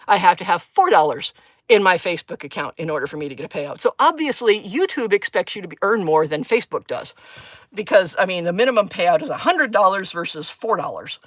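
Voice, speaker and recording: A woman's voice: lowish voice, no room sound. A middle-aged woman chatting casually on a crafting livestream, rambling and self-deprecating, laughing often at herself. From United States. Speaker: crafting livestreamer, former chemistry teacher.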